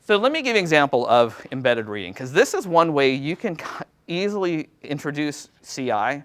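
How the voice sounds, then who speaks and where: A man's voice: on the high side, sing-song, brisk, a bit bright. A man who teaches Latin, giving a casual workshop presentation to other teachers in a self-deprecating, chatty way. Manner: casual, self-deprecating, chatty with many fillers and quoted asides.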